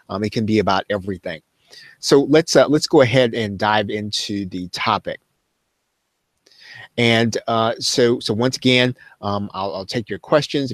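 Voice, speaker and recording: Low-voiced man, halting and hoarse. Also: no room sound. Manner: halting, many fillers and restarts. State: recovering from lost voice. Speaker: host of a weekend Q and A livestream. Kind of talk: casual live presentation.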